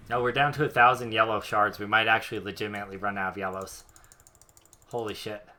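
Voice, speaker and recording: A young man commenting casually on his game, joking and thinking out loud. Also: lowish voice, fairly even intonation, fast. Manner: joking, chatty, thinks aloud. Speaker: streamer.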